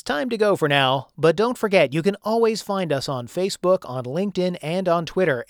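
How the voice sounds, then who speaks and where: A man's voice: fairly high pitch, no echo, clean studio sound. A man host delivering an upbeat, friendly scripted sign-off for a podcast. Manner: upbeat, friendly call to action.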